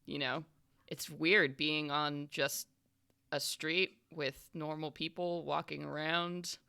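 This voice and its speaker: A woman narrating a tabletop horror game as game master, in a relaxed, chatty way with many fillers. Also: low voice, takes it slowly, gravelly, smooth.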